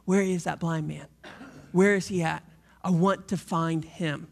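A preacher voicing Jesus as earnest and set on finding someone, speaking low and resolute. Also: male voice, steady tone, a little slow, vocal fry. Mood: determined. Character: earnest determined Jesus searching for a man.

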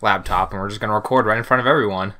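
Fast, bright-voiced playful man. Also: fairly low pitch. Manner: playful, mischievous. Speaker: podcast co-host. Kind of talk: casual chat.

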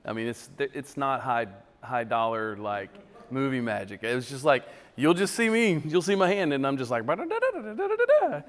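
A man who creates children's ministry material, chatting casually in a relaxed, rambling way with frequent restarts. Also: medium pitch, moderate pace, long reverb tail. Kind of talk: casual interview chat.

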